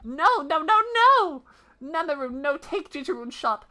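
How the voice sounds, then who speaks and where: A woman's voice: high-pitched, very animated, a little slow, sharp tone, pitched above the performer's own voice, full character voice. Woman doing a tiny merchant in broken English. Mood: earnest. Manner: broken English, speaks of self in third person.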